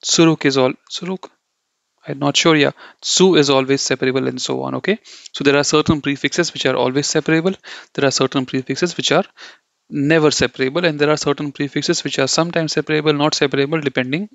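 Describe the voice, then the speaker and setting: A man's voice: fairly high pitch, fairly even intonation, fast talker, creaky, fairly bright tone, dry recording. A man teaching German grammar in a loose, repetitive way, often checking in with "okay" and correcting himself as he goes. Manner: loose, repetitive, says "okay" and "you know" a lot; corrects himself mid-sentence. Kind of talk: explaining grammar to learners. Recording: dull, dry lo-fi audio.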